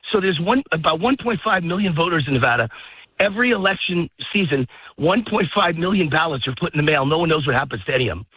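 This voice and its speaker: A man's voice: on the high side, animated, fast, slightly rough, no room sound. A man guest on a political radio show, heated and ranting, out of breath while walking his dog in a park. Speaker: phone-in guest. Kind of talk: political talk radio interview. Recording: tinny phone line.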